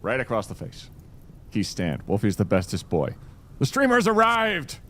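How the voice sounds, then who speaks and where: Man, mid pitch, animated delivery; live gameplay streamer, chats with viewers and his cat. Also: normal speed. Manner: chatty, greets viewers and talks to his cat. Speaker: game streamer.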